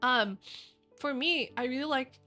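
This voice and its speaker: A woman's voice: high-pitched, unhurried, sharp tone, soft background music. Giggly woman streamer chatting casually. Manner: giggly, rambling with many fillers. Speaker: virtual streamer. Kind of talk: casual livestream chat.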